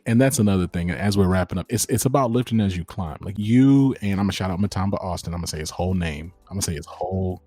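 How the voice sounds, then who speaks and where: A young man hosting a podcast, talking in a lively casual way and calling his listeners y'all. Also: low voice, fast talker, hardly any pauses, husky, no echo, faint music behind. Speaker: host.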